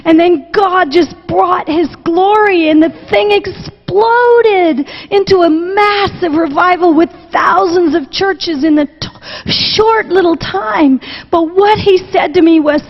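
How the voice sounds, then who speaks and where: A middle-aged woman with a high voice preaches at an unhurried pace, her fervent, halting story full of repeated phrases. Her words ring out in a large hall with a long echo. The recording sounds dull. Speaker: preacher and missionary. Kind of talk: sermon.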